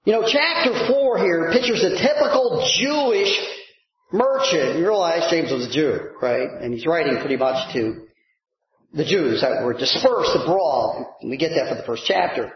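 A male pastor preaching a sermon to his congregation, animated and rising to shouts for emphasis. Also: fairly high pitch, moderate pace. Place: church sanctuary. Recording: echoey church hall, dull lo-fi sound.

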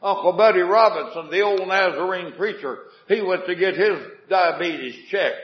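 A man's voice: high-pitched, normal speed, roomy sound, lo-fi sound. A man preaching a revival sermon in a folksy way, asking the congregation questions and telling homespun jokes.

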